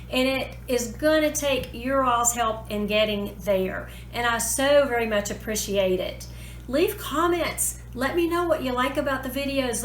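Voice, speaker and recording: Woman hosting a home cooking vlog, chatty and homey, higher voice, echoey kitchen with faint sizzling. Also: a bit bright, slight background noise. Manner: chatty and homey, folksy phrasing. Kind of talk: casual cooking tutorial.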